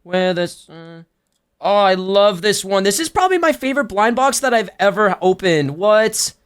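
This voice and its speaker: A young man live-streaming a haul and unboxing, chatting excitedly with his viewers. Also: sits high, normal speed, clear, resonant tone. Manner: excitable, talks to chat.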